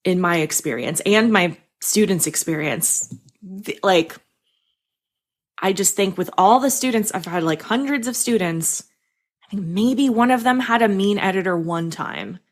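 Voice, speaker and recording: A woman's voice: medium pitch, unhurried. A woman who coaches freelance writers, talking candidly in a casual podcast chat, swearing freely and laughing often.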